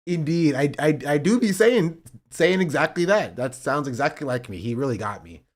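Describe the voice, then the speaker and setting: A man's voice: fairly high pitch, animated, normal speed. A young man hosting a livestream, reacting to clips in a casual, sarcastic way and laughing often. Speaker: livestream host. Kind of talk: casual stream commentary.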